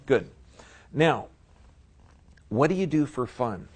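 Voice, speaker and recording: A man's voice: mid-range voice, lively intonation, slow pace, breathy edge. Folksy emphatic man lecturing a seminar. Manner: folksy, emphatic, often checks in with the audience. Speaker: seminar speaker. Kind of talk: live seminar lecture to an audience.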